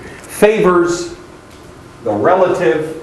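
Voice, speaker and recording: A man's voice: sits high, drawn-out words. A man lecturing a class, calling on students by name and now and then mocking the ideas he quotes. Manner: animated, calls on students by name; mocking singsong when quoting shallow hymns. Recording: echoey classroom with faint ambient noise.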